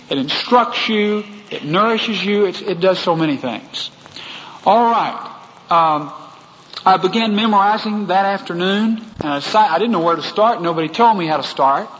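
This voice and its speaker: A man's voice: high-pitched, animated, moderate pace, a bit bright, big-room sound, muffled recording, a little hiss or hum. A man from Texas with a Texan accent, preaching a sermon and telling a personal story in a folksy way that speaks straight to the congregation. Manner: folksy, addresses the congregation directly.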